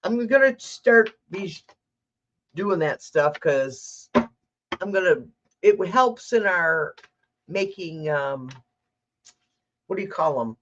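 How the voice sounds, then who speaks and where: A woman's voice: on the low side, animated, slow, long pauses, muffled recording, slight background noise. A woman doing a live tarot reading, chatting casually and thinking aloud as she corrects herself. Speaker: tarot reader.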